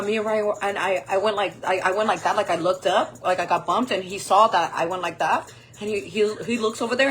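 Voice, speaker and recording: A woman's voice: medium pitch, fairly bright tone, poor audio. Chatty woman in her forties, swearing freely. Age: 40s. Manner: chatty, swears a lot, laughs often. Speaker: makeup vlogger. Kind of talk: casual storytime while doing makeup on a livestream.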